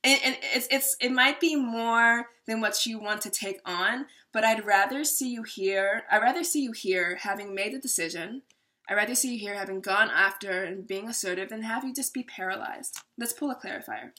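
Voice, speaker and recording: A woman with a bright, forceful voice talks through a tarot spread in a loose, chatty way. She laughs often and slips into little voices as she explains. Her pitch sits in a middling range for a woman. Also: normal speed. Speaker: tarot reader. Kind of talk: casual tarot reading to camera.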